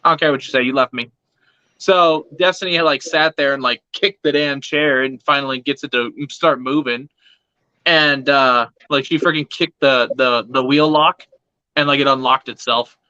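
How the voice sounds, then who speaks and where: A man's voice: mid-range voice, fairly even intonation, normal speed, pushed and bright, clear, resonant tone, no echo, highs cut off. A man telling a long profane story at an open mic, rambling with many fillers and acting out the other people's lines.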